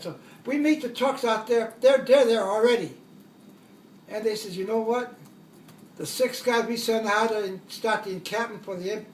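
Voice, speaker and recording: A man's voice: high voice, roomy sound, recorded from a distance, slight background noise. An older man, a war veteran, tells his stories in a rambling way, correcting himself as he goes and chuckling at his own jokes. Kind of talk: oral history storytelling.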